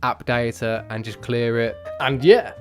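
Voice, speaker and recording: Young guy, mid-pitched voice, jokey gaming news host talking over soft guitar music. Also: fairly even intonation, a little slow. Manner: playful, chatty, jokey asides. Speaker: gaming YouTuber.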